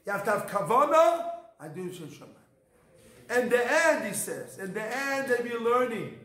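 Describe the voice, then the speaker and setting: A man's voice: very high-pitched, sing-song, measured pace, a bit bright. A man, a rabbi, teaching a Torah class in an emphatic, repetitive manner, his English mixed with Hebrew terms. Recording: echoey room.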